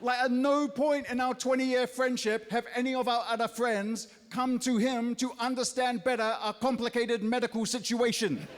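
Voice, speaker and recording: A man's voice: very high-pitched, fairly even intonation, normal speed, few pauses, big-room sound. A New Zealand man in his thirties doing a stand-up set on a theatre stage, punchy, with mocking asides. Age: 30s. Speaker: stand-up comedian.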